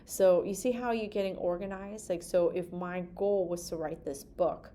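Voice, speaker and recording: A woman's voice: fairly low pitch, steady tone, normal speed, warm tone, slight background noise. A woman in her forties hosting a talk to camera from her desk, chatty and rambling, often tagging on "right?". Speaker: podcast host and hand therapist. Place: home office at a desk.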